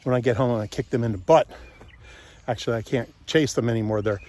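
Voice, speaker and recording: A man's voice: medium pitch, fast, darkish tone. A middle-aged man from Kentucky, chatty and joking, walking through a house and yard on a casual tour and a little winded. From Kentucky, USA. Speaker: real estate investor vlogger. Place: outdoors and inside a house on a property tour.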